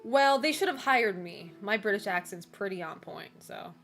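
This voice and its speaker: A woman's voice: medium pitch, lively intonation, moderate pace, a bit bright, faint music behind. A woman streamer chatting casually with her viewers, loose and filler-heavy, with frequent laughs. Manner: loose and chatty, full of "like" and "you know"; laughs often between remarks. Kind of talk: casual chat with a live chat.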